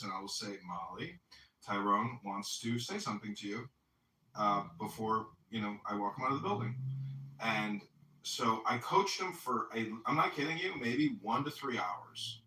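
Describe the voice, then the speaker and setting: A man's voice: fairly low pitch, pushed and bright, a little hiss or hum. A man hosting a casual online talk, rambling through a long anecdote with plenty of swearing. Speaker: podcast host. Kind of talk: casual storytelling chat. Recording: echoey audio from far off the mic.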